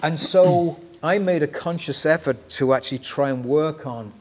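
A man's voice: on the high side, moderate pace, breathy edge. A man from Manchester with a mid-Atlantic accent, a musician and actor telling stories in a casual interview, swearing freely. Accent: mid-Atlantic, Mancunian mixed with American. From Manchester, England. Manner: swears freely, animated anecdotes, trailing off softly.

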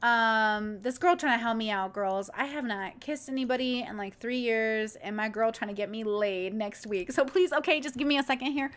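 Woman streamer, bit higher voice, gushing and cursing freely in loose casual chat. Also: normal speed, hardly any pauses, smooth. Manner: excitable, profane, rambling. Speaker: streamer reacting to video clips.

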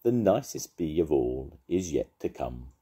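A grandad voicing a kind, tactful old friend. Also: male voice, a bass voice, big pitch swings, a little slow, breathy edge, heavily acted. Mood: fond. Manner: patient, gently reassuring. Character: kindly older male shopkeeper friend, gentle and tactful.

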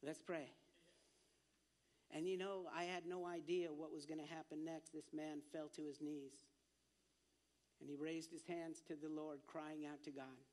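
A man's voice: on the high side, little pitch movement, measured pace, pauses often, a little mellow. A man preaching at a church, telling a personal story with earnest restarts and growing fervor. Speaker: ministry leader speaking at church.

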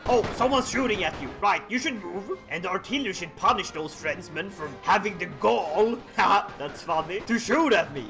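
Excitable man shouting gameplay commentary. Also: sits high, moderate pace, hardly any pauses, over music. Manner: excitable, shouting at units, mock accents. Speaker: gaming YouTuber.

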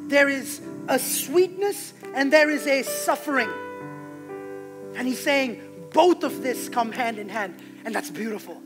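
A pastor preaching a sermon in a church, impassioned and emphatic, swinging between loud declarations and hushed lines. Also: male voice, extremely high pitch, animated, unhurried. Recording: music playing behind the preaching.

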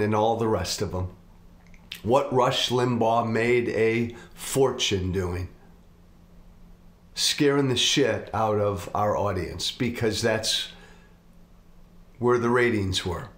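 Slow, earnest middle-aged man. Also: lowish voice. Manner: earnest, confessional, slow and deliberate. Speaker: political commentator, host. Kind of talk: reflective monologue. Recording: roomy echo.

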